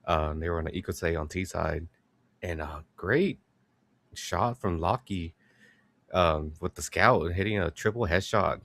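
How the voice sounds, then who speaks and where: A man analysing an esports match in casual chat, speaking haltingly with many fillers. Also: low-pitched, gravelly, a bit bright.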